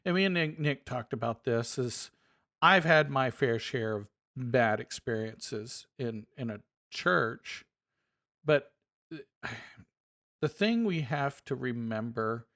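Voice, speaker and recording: A man co-hosting a podcast, speaking at a mid pitch. He chimes in with short agreements and then works through his points in a halting, thoughtful way. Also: fairly bright tone. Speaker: podcast co-host. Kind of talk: casual chat.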